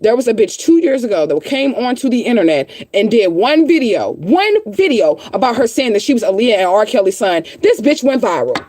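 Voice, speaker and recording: A woman hosting her own livestream rants heatedly in a fairly high, darkish, sing-song voice, talking a little fast with hardly any pauses. She swears and repeats herself as she answers viewers.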